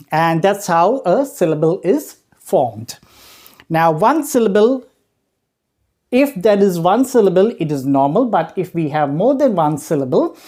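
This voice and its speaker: A woman with a lowish, mellow voice explains a training course step by step. She pauses often on "uh" and keeps checking in with "right?" and "okay". Her delivery is patient and explanatory. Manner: hesitant, frequent "uh" pauses. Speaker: voice and accent trainer.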